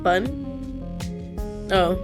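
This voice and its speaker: A woman's voice: extremely slow, music in the background. Woman doing a curt impatient young woman, doubtful, a bit annoyed.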